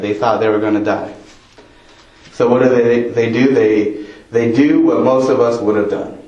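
Man, preacher, sermon, unhurried delivery, roomy church echo. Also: fairly low pitch, a little mellow. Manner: conversational, questioning the congregation.

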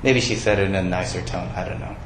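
A man's voice: sits low, fast talker, reverberant, a little hiss or hum, poor audio. A male pastor giving a sermon in a conversational way, asking his listeners questions.

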